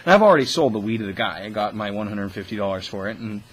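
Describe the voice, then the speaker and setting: A man's voice: lowish voice, fast, husky, poor audio. A young man talking into the camera in a casual vlog, ranting with scorn and constant swearing. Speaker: vlogger.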